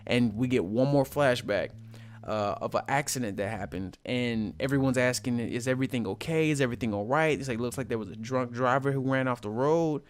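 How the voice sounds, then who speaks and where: A man's voice: mid-range voice, brisk. A man giving a casual, joking recap of a manga chapter, full of slang and asides.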